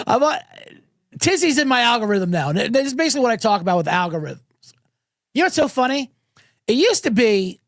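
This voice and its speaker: A man's voice: high-pitched, dry recording. A man hosting a podcast, rambling through a casual, irreverent and profane monologue into a close studio microphone. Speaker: podcast host. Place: home studio with monitors.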